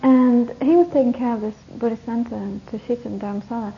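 Speaking fast in a fairly high, steady voice, this Buddhist course teacher laughs a lot while giving a retreat group a meandering dharma talk full of anecdotes. Faint hiss runs under the dull, lo-fi audio.

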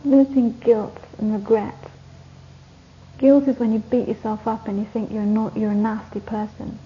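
A woman gives a dharma talk to a retreat group, wandering through anecdotes and laughing often. Her voice sits a little high. The recording is dull and lo-fi, with a faint hiss behind her. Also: level tone, moderate pace. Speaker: Buddhist teacher leading a course.

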